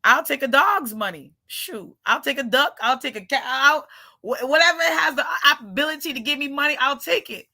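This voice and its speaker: A woman with a high, bright voice chats casually with her viewers. She is brash and joking, laughs often and keeps coming back to the word "shoot". Her delivery is loud and animated. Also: normal speed. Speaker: channel host.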